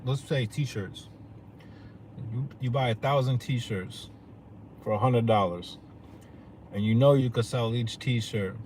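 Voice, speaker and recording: Man ranting casually, faint traffic behind. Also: medium pitch. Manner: animated, slangy, peppered with "you know what I'm saying". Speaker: vlogger. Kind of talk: casual profane rant to viewers.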